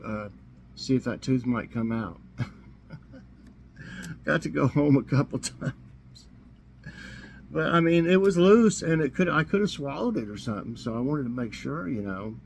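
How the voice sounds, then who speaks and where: A man from Tennessee hosting a casual trivia vlog, a little hoarse, easygoing and chuckling to himself. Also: medium pitch, slight background noise, poor audio. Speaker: vlog host. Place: warm room indoors.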